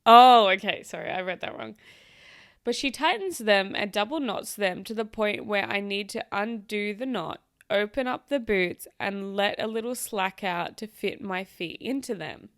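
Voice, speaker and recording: A woman's voice: medium pitch, moderate pace, no room sound, studio quality. A young woman hosting a podcast, reading stories aloud and breaking off into sarcastic, chatty asides. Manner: chatty, sarcastic asides, swears, laughs easily. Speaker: podcast host. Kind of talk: casual reaction chat, reading stories aloud. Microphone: close podcast mic.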